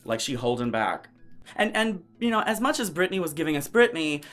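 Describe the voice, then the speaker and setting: Brash campy drag queen, very animated. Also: a little high, a little fast, faint music behind. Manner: brash, campy, profane, theatrical; mimics others' voices in quotes. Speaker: drag queen recapping a TV show. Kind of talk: sassy casual commentary.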